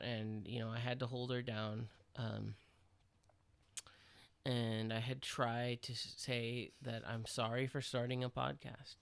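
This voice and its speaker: A man co-hosting a podcast, rambling through an absurd deadpan mock apology. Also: mid-range voice, slow, creaky, smooth. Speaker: podcast co-host. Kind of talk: absurd comedy monologue.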